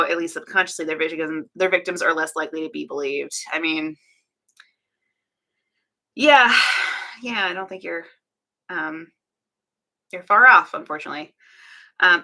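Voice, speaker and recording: A woman's voice: lowish voice, animated, a little fast, long pauses, sharp tone. A woman chatting casually on a live stream, talking to her chat with frequent laughs and sarcastic, self-deprecating asides.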